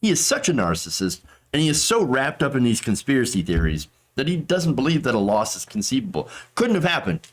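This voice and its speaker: A man's voice: medium pitch, sing-song, a little fast, few pauses. A man hosting a political commentary show, talking in a sarcastic, mocking way.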